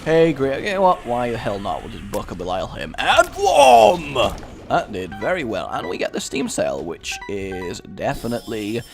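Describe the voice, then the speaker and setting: A young English man giving chatty, sarcastic let's-play commentary, rambling into asides and breaking into excited yelps. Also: on the low side, moderate pace, few pauses, over music. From England. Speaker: gaming YouTuber.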